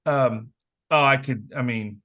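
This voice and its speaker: A man in his forties from southern Indiana spins stories from his playing days in a relaxed interview. He talks casually, in a mid-range voice. He acts out the people he quotes. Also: medium pitch, slow pace. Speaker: interview guest, former basketball player. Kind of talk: casual storytelling.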